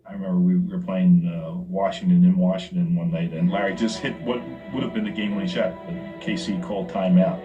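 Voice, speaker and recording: A man in a low-key way recounting a game-winning shot. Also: steady tone, a little fast, hardly any pauses, warm tone. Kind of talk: interview recollection. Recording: dull lo-fi track with music.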